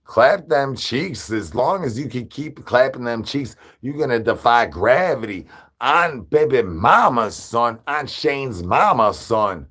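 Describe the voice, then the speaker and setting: This livestream host speaks slowly in a mid-range, sing-song voice that's a bit bright with a breathy edge. Posing as a brain-hungry zombie, he rambles through absurd rhyming slang for comedic effect.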